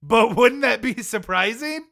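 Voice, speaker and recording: A man's voice: very high-pitched, animated, measured pace, creaky, bright, forceful tone, no room sound, clean studio sound. A young man co-hosting a film podcast, chatting casually and animatedly, laughing often. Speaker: podcast co-host. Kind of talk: casual chat.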